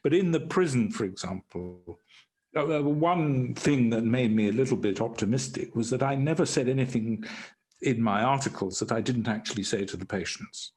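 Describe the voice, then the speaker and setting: British man, wry measured storyteller, mid-pitched voice, guest on a podcast. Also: a little mellow, slight background noise. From Britain. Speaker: guest, former prison doctor. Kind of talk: anecdotal conversation.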